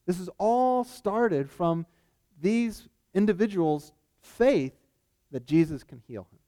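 A man's mellow, high-sitting voice delivers a casual sermon, frequently checking in with his listeners. His asides of "right?" come often.

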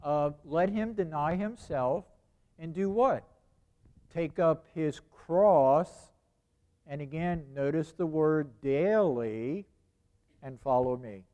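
A man delivers a loose, conversational sermon, repeating phrases and firing off rhetorical questions. His voice is a little higher than most men's and a little mellow, on a lo-fi recording.

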